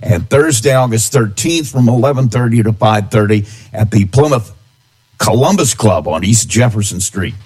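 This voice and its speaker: A man reading a local radio news bulletin at a steady newsreader pace. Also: fairly low pitch, moderate pace.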